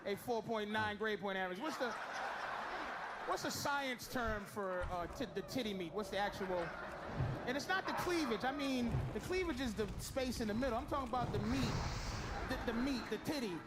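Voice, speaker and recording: A middle-aged man doing stand-up crowd work, teasing people in the audience, swinging from shouts to mutters. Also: very high voice, animated, moderate pace. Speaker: stand-up comedian. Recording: loud noisy live club recording.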